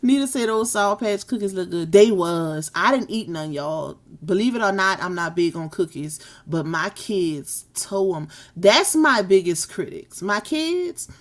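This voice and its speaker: A woman's voice: fairly low pitch, animated, measured pace, few pauses. Live stream host, woman, thirties, casual and talkative. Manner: chatty, laughs often, Southern US slang.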